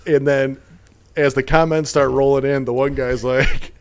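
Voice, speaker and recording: Midwestern male podcast host, gravelly, crude and jokey storyteller. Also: medium pitch, level tone, moderate pace. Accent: American Midwest. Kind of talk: casual chat.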